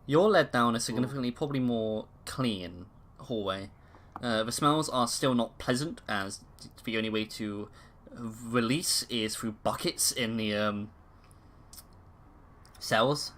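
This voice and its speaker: A man's voice: mid-range voice, measured pace, fairly bright tone. A man narrating a tabletop horror game as game master in a casual, loose way. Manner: casual, laughs easily, loose descriptive narration.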